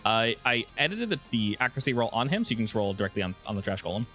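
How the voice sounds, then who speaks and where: A man running a tabletop game as game master, narrating in a relaxed way with frequent restarts. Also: mid-range voice, rapid-fire, faint music behind.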